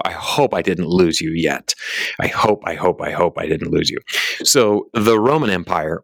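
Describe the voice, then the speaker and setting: Low gravelly guy rambling through a talk, pokes fun at himself, dry close sound. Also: dry recording. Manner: rambling, self-deprecating, frequent restarts. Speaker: speaker teaching a talk. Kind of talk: casual teaching talk.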